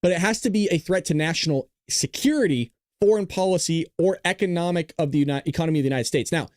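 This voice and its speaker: A man's voice: a little high, fast talker, dry recording, studio quality. A man hosting a casual political livestream, chatting with viewers and laughing at his own jokes. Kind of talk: casual live commentary.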